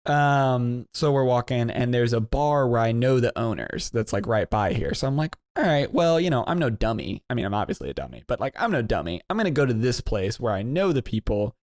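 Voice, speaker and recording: A man co-hosting a podcast, telling a long story in a rambling, animated way and jumping into high voices when quoting people. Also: brisk, hardly any pauses, dry recording, studio quality. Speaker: podcast co-host. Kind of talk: casual storytelling.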